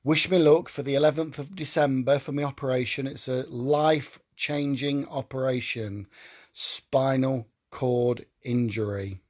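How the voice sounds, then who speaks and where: A man's voice: mid-range voice, fairly even intonation, unhurried, a little mellow. A man hosting his own live stream, talking earnestly and emotionally, often repeating himself as he pleads with viewers.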